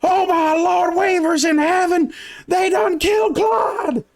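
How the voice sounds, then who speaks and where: A man voicing a cowardly, panicky male bandit henchman with a high, frantic drawl. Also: moderate pace.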